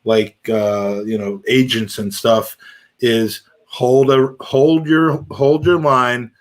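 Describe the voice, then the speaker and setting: A man's voice: mid-range voice, steady tone, slow pace. Rambling man in football banter. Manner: rambling, thinks aloud, many restarts. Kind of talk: casual football chat.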